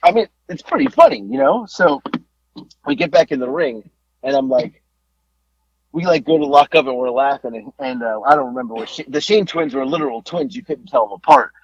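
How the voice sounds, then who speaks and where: A man co-hosting a podcast, telling a wrestling story in a casual, animated way, laughing and swearing as he goes. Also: mid-range voice, a little fast, breathy edge, no echo, muffled recording.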